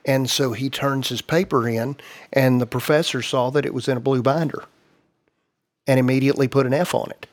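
Male host, mid-pitched, earnest explainer, casual discussion. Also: fairly even intonation, brisk.

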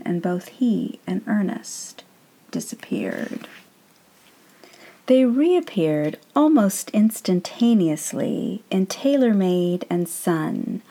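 A woman reading her own story aloud in a measured, gently wry narrating voice. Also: medium pitch.

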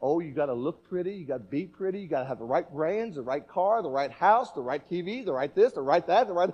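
A man preaching a sermon in a church, animated and emphatic, with repeated rhetorical questions. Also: high-pitched, brisk, few pauses.

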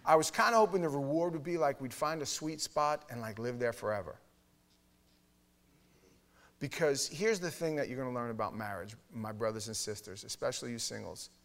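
A man in his fifties from New York preaches in a chatty, rambling storytelling style, full of restarts. His voice sits in an ordinary middle register and climbs into loud, shouted punchlines at the peaks of his stories. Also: medium pitch, fairly quick. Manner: conversational, frequent restarts and fillers. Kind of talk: storytelling sermon.

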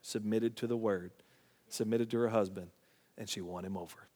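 A middle-aged man, telling a family story and preaching in a folksy way, sometimes dropping to a hushed voice. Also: lowish voice, steady tone, fairly quick, in a large hall. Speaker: Bible teacher. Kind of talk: preaching Bible study.

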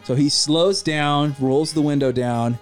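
A man hosting a podcast, telling a story in a laid-back, slangy way with lively energy. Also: a little high, unhurried, soft background music. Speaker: podcast host. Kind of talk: casual storytelling.

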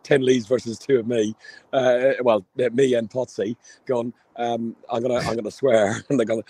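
A man calling in live from outside a football ground on a phone held to his ear, rambling excitedly and swearing freely. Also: medium pitch, brisk, breathy edge, dry recording. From Ireland. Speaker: live correspondent at the match. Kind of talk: excited phone call from a match. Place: outdoors near a stadium.

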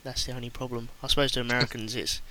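English man, podcast host, casual and self-deprecating, bright tone. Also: medium pitch, level tone, rapid-fire, slight background noise, rough recording. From England.

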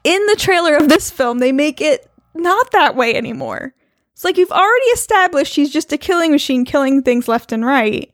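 A woman co-hosting a casual podcast chat, animated and opinionated. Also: sits high, normal speed, no echo, studio quality. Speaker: podcast co-host.

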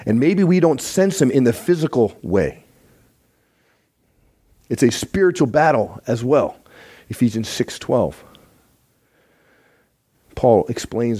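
Man, sermon, earnest and emphatic, warm mellow voice. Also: mid-range voice, expressive, slow pace, long pauses, husky. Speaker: church teacher.

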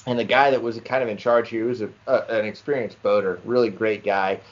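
A young man casually telling a lively fishing story to friends on a podcast and calling them "dude" a lot. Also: fairly low pitch, brisk. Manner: animated storyteller, says "dude" often. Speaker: podcast co-host. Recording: slightly dull lo-fi sound.

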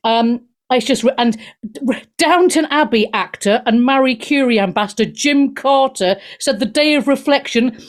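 A middle-aged woman from Wales hosting a talk radio show, sarcastic, profane and animated as she rants into a studio mic. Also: sits high, moderate pace.

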